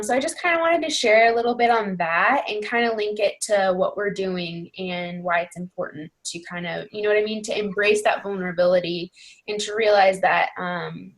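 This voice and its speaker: Young woman, team coach, earnest and chatty, loose unscripted delivery, lots of "you know" and "like". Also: medium pitch. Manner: earnest, rambling, heavy on fillers like "you know" and "like". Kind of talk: casual team call talk.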